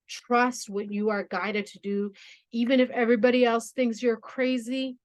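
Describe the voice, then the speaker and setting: A woman's voice: fairly high pitch, flat delivery, moderate pace. A woman doing a spiritual tarot reading, talking in a soothing, reassuring way with many "you know" and "okay" asides. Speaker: tarot reader.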